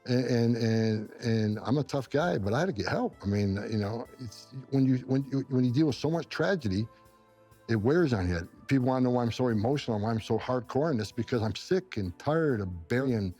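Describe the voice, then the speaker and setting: With a warm, expressive mid-range voice at a normal pace, a former immigration enforcement director, middle-aged and from upstate New York, answers interview questions with intensity and emotion, saying things twice when moved. Soft music plays in the background.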